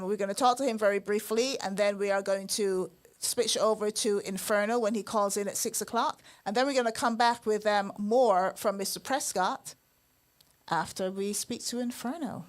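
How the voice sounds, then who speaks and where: A woman with a mid-range, steady voice at normal speed hosts a live-streamed talk show from an indoor studio. The chat is casual, and she's bubbly and talkative, laughing often.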